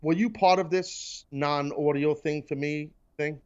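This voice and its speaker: A man's voice: a little high, steady tone, unhurried, a little mellow, smooth, lo-fi sound. A man hosting a casual talk show, ranting in mock anger and teasing his crew. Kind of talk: casual sports and wrestling chat.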